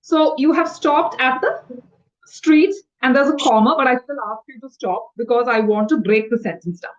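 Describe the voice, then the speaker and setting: A woman tutoring English over a video call, explaining words quickly and patiently. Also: sits high, highs cut off. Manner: fast-talking, explanatory, patient. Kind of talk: one-on-one online English lesson.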